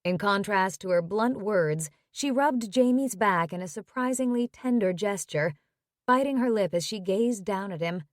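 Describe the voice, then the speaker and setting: A woman narrating a romance audiobook in a measured, even reading. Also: medium pitch, no echo, clean studio sound.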